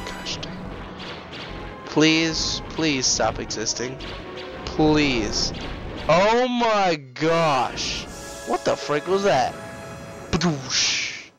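Flustered gamer dude ranting at his game, music blaring underneath. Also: fairly high pitch. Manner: excitable, flustered, trash-talks the game. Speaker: let's play host. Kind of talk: casual gameplay commentary. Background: game music and sound effects.

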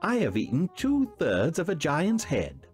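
A hungry, carefree storybook boy with a bright, eager lilt, as a male reader puts him on. His voice springs up high and swings widely from word to word. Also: huge pitch swings, measured pace, faint music behind. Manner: eager and cheerful. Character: greedy, carefree young peasant boy.

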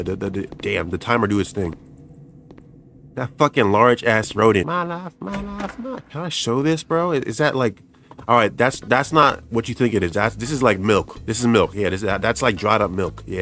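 A man's voice: lowish voice, fairly bright tone. A young man doing let's play commentary as a gaming YouTuber, cursing, stammering and joking as he reacts. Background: game music.

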